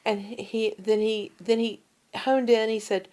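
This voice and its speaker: A woman's voice: mid-range voice, a little slow. A woman in casual conversation, telling a personal story and acting out the people she quotes. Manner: storytelling, animated when quoting others. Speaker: podcast co-host. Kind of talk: casual chat.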